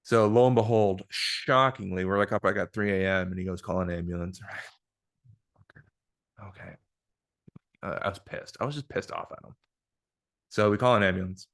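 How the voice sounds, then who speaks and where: A man hosting a podcast, telling a personal story in a frank, casual way, with lots of swearing and filler words. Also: low voice. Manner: frank, profane, filler-heavy retelling. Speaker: podcast host. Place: indoor room with guest. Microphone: single shared microphone.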